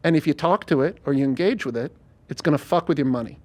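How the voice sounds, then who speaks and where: A man's voice: on the high side, quick pace, darkish tone, pitched below the performer's own voice, close to an everyday voice. A man playing a cagey middleman who gives short, curt warnings.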